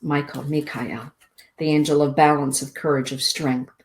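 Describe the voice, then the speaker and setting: A middle-aged woman hosting a spiritual show, reading oracle cards aloud in a soothing, deliberate way. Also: low voice, fairly even intonation. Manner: slow, soothing, deliberate delivery with drawn-out words. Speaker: host giving oracle card readings.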